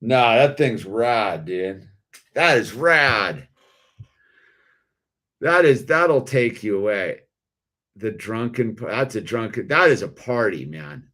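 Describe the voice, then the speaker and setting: A man's voice: mid-range voice, expressive, takes it slowly, long pauses, a bit bright. A man hosting a toy-building video in a laid-back, slangy way, saying dude a lot. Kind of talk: casual commentary while building.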